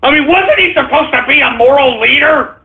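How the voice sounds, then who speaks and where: Male radio host, high voice, caustic ranting delivery, phone-quality audio. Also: lively intonation, fairly quick. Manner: abrasive, insulting, sarcastic. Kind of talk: live internet radio shout-outs and rant. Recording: tinny phone-like sound.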